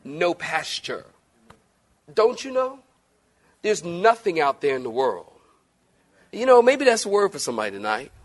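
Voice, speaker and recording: A male pastor preaching a sermon in a church, animated, swinging between loud emphasis and soft, gentle lines and joking with his congregation. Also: on the high side, a little slow, pauses often.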